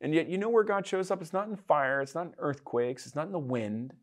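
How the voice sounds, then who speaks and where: A man preaching a conversational sermon to young adults, animated and informal, full of casual asides. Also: on the high side, fairly quick. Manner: animated, casual, frequent "you know, like" asides. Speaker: pastor. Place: online livestream for young adults.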